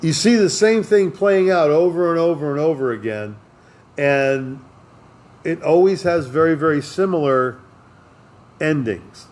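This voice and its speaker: A man's voice: a little high, expressive, measured pace, darkish tone. Rambling, philosophical male podcast host. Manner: philosophical, joking, with many fillers. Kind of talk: casual rambling talk.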